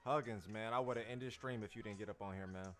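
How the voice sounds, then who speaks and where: A man's voice: on the low side, a little fast, fairly bright tone, soft background music. A man hosting a casual livestream as a dance teacher, talking loosely in slang to his viewers and repeating his phrases.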